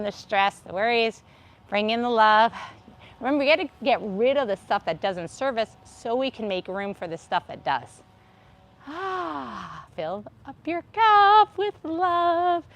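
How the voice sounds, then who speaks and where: A woman leading a live wellness and laughter yoga class, upbeat, encouraging and playful as she guides stretches and breathing. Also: mid-range voice. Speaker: wellness instructor. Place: livestream.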